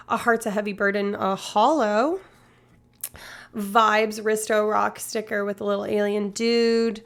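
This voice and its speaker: A woman's voice: medium pitch, gravelly. A woman streamer in rambling, casual live-stream chat, swearing now and then.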